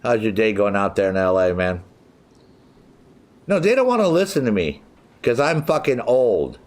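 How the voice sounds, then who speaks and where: This sixty-something man's low-ish voice swoops wildly in pitch at a moderate pace. While streaming a game, he curses constantly and rants furiously about rivals who kicked him out of their chat, imitating them in mocking tones.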